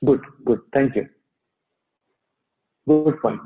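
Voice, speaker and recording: A man teaching a Sanskrit class on a video call, patiently sounding out letters and quizzing his students. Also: soft background music. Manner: patient, repeats sounds slowly, asks students questions. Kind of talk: online class, explaining pronunciation. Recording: phone-like narrow band.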